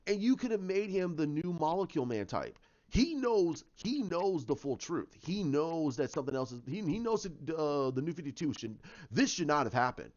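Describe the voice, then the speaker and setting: A man giving a casual fan rant, rambling and excited, with lots of restarts. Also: a little high, moderate pace. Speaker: commentator. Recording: dull lo-fi sound.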